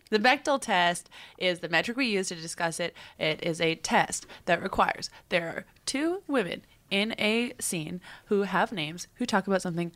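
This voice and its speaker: Twenties woman cohost, lowish voice, jokes around, laughs a lot, casual chat. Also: expressive, moderate pace, fairly bright tone. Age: 20s. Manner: jokey, laughing, rambling. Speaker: podcast co-host.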